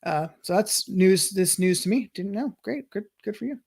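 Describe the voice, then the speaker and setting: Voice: mid-range voice, normal speed, gravelly, darkish tone, husky. A young adult streamer in casual let's-play commentary, thinking aloud and chuckling, with frequent restarts while reading chat. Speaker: streamer playing a wrestling management game.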